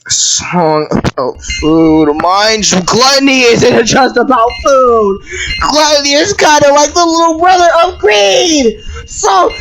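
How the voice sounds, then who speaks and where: A video commentator ranting through a show review, breaking into yelled outbursts, stammering repeats and frequent swearing. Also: medium pitch. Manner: profane and exasperated.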